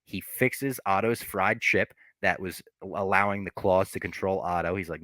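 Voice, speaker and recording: Low-voiced man hosting a casual podcast. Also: moderate pace, few pauses, sharp tone, dry recording. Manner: loose, swearing, rambling storytelling. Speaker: podcast host. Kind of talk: casual movie recap chat.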